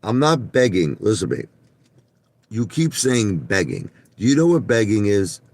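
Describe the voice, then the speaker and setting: At normal speed, a man with a fairly low, sing-song, slightly mellow voice hosts a live stream with no room sound. He speaks bluntly and repetitively to named chat viewers, frequently stumbling and starting over.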